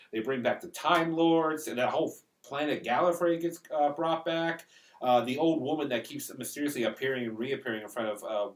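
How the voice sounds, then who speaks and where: A man's voice: mid-range voice, reverberant, recorded from a distance. A man in casual review chat, joking and trailing into fillers. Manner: chatty with quips and hesitant fillers.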